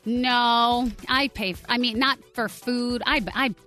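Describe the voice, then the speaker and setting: A woman co-hosting a morning radio show, giggling and reacting quickly in casual banter. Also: fairly high pitch, steady tone, bright, forceful tone, soft background music. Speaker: radio co-host.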